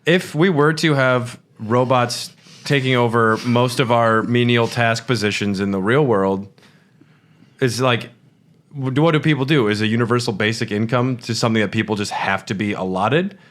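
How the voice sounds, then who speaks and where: A man's voice: medium pitch, normal speed, a bit bright. A man in an easygoing podcast chat with a voice in the middle range. He rambles and stops to restart his thoughts, with many uhs along the way. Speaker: podcast co-host. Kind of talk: casual chat.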